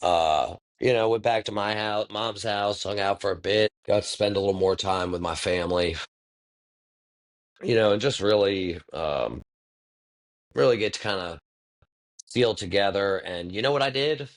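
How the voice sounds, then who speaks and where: Speaking at a normal speed in a voice on the low side, a man in his thirties hosts a podcast. His casual monologue wanders in a relaxed, thoughtful manner, peppered with profanity.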